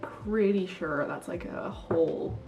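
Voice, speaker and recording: A woman's voice: on the low side, slow, distant mic, dull audio, over loud music. A young woman from Canada, an international student vlogger, telling stories in casual chat that is full of "like" and fillers. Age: young adult. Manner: chatty, filler-heavy storytelling with lots of "like".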